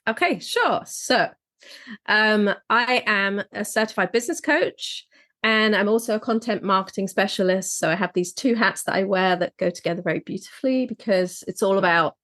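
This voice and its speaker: A woman's voice: medium pitch, normal speed, fairly bright tone, no room sound. A woman guest on a podcast, explaining her work as a business coach in a friendly way. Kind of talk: interview answers.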